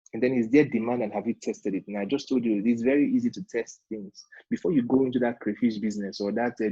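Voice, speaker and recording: A man's voice: mid-range voice, dark tone, breathy edge, no room sound. A man, coaching would-be entrepreneurs in a seminar talk, emphatic and repeating his points, often checking in with "all right?". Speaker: business funding coach. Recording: dull lo-fi sound.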